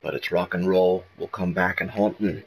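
A man doing a rough impression of a defiant aging rock frontman with a raspy voice. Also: sits low, fairly even intonation, normal speed, slight background noise, poor audio. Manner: defiant rant.

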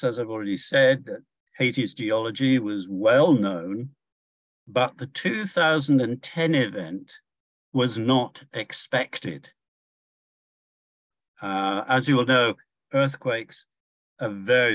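An older man giving a measured academic lecture from slides, pausing often with fillers and restarts. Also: medium pitch, fairly bright tone, no echo.

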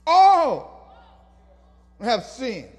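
A male pastor with a strikingly high voice, preaching and prodding his congregation to answer back. His words ring through a reverberant church hall while soft instrumental music sits underneath. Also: sing-song, very slow. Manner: call-and-response preaching, teasing the congregation. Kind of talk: sermon. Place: church sanctuary.

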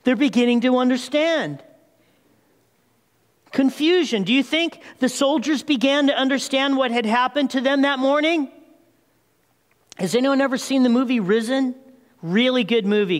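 A man preaching a sermon as pastor, retelling the story with lively asides and calling the congregation "people.". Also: extremely high pitch, normal speed, big-room sound. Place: church sanctuary.

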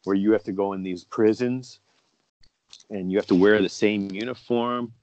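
Blunt low-voiced man telling stories. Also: fairly even intonation, moderate pace, a little mellow. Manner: blunt, swears freely, acts out quoted dialogue. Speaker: interview guest. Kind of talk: casual storytelling. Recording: dull, dry low-fidelity sound.

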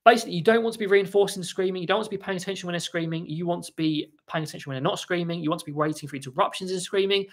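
A man's voice: high-pitched, rapid-fire, hardly any pauses. A man hosting a casual livestream, answering viewers' questions in a chatty way with frequent restarts. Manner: chatty, restarts often, talks to his birds between answers. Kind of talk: casual live chat. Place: home room with parrots.

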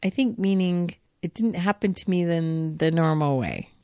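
A woman podcast host reads an old religious text aloud and reflects on it, raising her voice to emphasize the quoted lines. Her lowish voice is mellow and clean at a moderate pace, recorded dry in studio quality.

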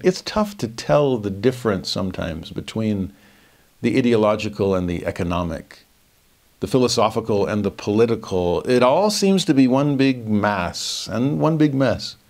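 A man teaching a verse-by-verse Bible lesson, reflective and expressive, often posing rhetorical questions. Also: fairly low pitch. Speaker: scripture teacher.

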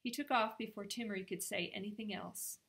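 A woman narrating a children's storybook in a gentle, even way. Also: medium pitch, a little fast, vocal fry. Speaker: reader.

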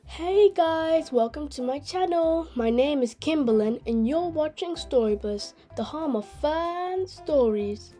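A woman hosting a channel and reading a children's story aloud in a gentle, clear way. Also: sits high, animated, a little slow, few pauses, music in the background. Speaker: host and storyteller.

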